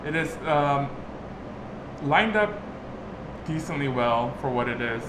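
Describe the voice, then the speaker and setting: A man's voice: mid-range voice, lively intonation, slow, noisy background. A man vlogging casually about a DIY project in his home workshop, talking with lots of fillers and restarts. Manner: chatty, filler-heavy, restarts often. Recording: roomy workshop, music playing underneath.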